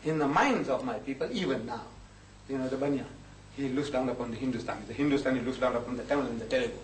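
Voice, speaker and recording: A man's voice: mid-range voice, fast talker, a little hiss or hum. A man giving a storytelling lecture, acting out conversations and chuckling often as he talks. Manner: animated storyteller who acts out both sides of conversations; chuckles often while speaking. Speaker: speaker giving a talk. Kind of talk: storytelling lecture to a live audience. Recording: echoey hall picked up from a distance.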